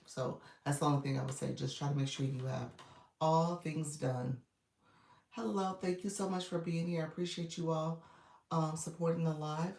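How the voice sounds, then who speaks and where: A woman's voice: deep voice, fairly even intonation, normal speed, gravelly, a little mellow, far from the mic. A woman coach chatting casually and encouragingly with her livestream viewers, still in her groggy morning voice. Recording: echoey room, away from the mic.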